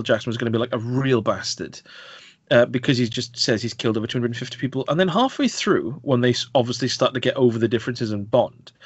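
Animated joking man reviewing films. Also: medium pitch, slightly rough, no echo, muffled recording. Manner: animated, jokey, mimics film voices. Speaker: podcast co-host. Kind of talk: casual film review chat.

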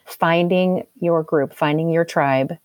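A woman's voice: sits low, steady tone, takes it slowly, a little mellow, no echo. A woman speaking earnestly and with emotion in a heartfelt conversation.

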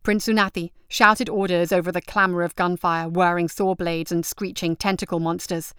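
A woman's voice: fairly low pitch, flat delivery, normal speed, fairly bright tone, clear, resonant tone, dry recording, studio quality. A woman reading out an action story as narrator, telling it steadily and vividly.

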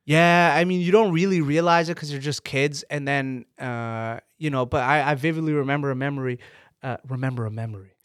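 Young guy from Canada, Urdu native, animated swearing storyteller, dry close sound. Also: mid-range voice, a little fast, clear, resonant tone, dry recording. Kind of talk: casual chat.

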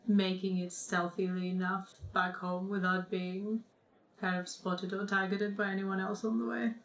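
A woman narrating as game master of a tabletop role-playing game, calm and unhurried, with frequent ums. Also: mid-range voice, echoey room, rough recording.

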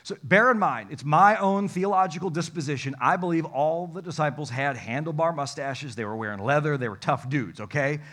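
A pastor preaching a lively sermon, mixing scripture reading with jokes, swinging between loud and soft. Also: male voice, a little high, brisk, few pauses. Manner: animated, jokey preaching with sudden loud and soft turns.

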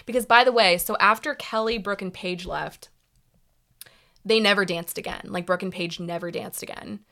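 A woman's voice: mid-range voice, steady tone, normal speed, sharp tone. A young woman co-hosting a casual podcast, chatting animatedly and retelling a show with lots of fillers. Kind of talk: casual chat about reality TV.

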